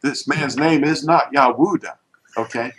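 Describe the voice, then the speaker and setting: A man's voice: mid-range voice, measured pace, fairly bright tone, poor audio. A man teaching an informal lesson, pointing at letters and explaining with emphatic, restarting speech.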